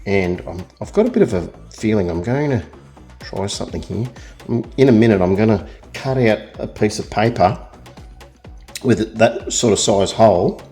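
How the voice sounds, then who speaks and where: A man's voice: fairly low pitch, normal speed, dark tone, soft background music. Chatty Australian man painting in real time. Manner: rambling, self-deprecating, chatty. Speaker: art tutor.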